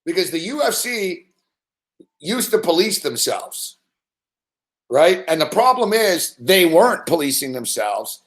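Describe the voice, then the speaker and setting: A man hosts a late-night sports betting show and tells his stories in a loose, rambling rant. He swears constantly and keeps things animated. His slightly higher-than-usual voice echoes around a hard room. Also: unhurried. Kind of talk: late-night ranting storytelling.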